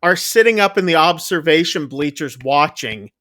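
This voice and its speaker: A man on a podcast walks through a movie's plot in a relaxed, rambling way. His voice sits a bit high and rings bright and forward. He keeps it casual, full of quick asides. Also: dry recording. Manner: chatty, loose retelling with quick asides. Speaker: podcast co-host. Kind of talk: casual movie recap chat.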